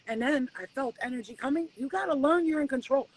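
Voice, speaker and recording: A woman giving spiritual readings at home in a casual live-stream chat, animated and swearing freely as she acts out conversations with spirits. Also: high voice, fast talker, rough recording. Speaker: spiritual reader.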